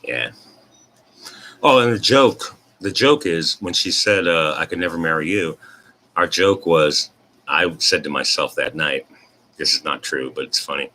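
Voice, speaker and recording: Man, fifties, deep pitch, forceful tone, casual storytelling, self-deprecating. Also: measured pace, slight background noise. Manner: self-deprecating, animated retelling. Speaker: host.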